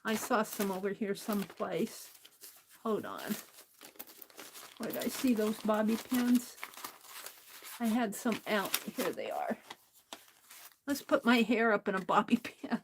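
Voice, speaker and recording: A woman's voice: medium pitch, expressive, a little slow, gravelly, long pauses, noisy background. A middle-aged woman chatting casually to herself and her viewers as she opens craft mail, often laughing. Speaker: craft livestream host. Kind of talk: casual craft vlog, opening mail on camera.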